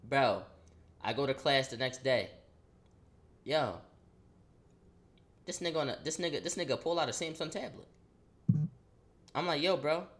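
A man casually telling a story as a streamer, slangy and full of swearing, getting animated as he goes. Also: mid-range voice, a little slow, long pauses. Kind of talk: storytime vlog.

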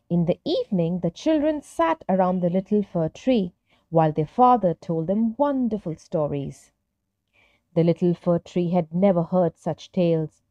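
A woman narrating a children's story in a gentle, expressive storytelling manner. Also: lowish voice, normal speed, no room sound, lo-fi sound.

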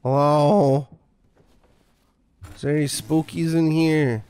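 Slow-talking sarcastic man streamer. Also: on the high side, fairly even intonation, mellow, clear, resonant tone, no echo. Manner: sarcastic, profane, jokey. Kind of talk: casual gameplay commentary.

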